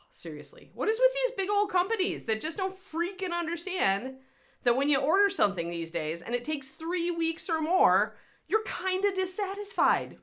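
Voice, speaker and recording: Woman host, chatty and rambling, bright voice with a lively, bouncing pitch. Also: normal speed. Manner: rambling, chatty, grumbling asides. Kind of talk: casual livestream chat.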